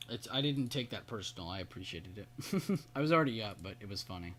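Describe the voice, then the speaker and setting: Low-voiced man chatting through stock charts. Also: fairly bright tone. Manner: casual, chatty, praising viewers by name. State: hiccups. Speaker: trading livestream host. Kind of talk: live market commentary.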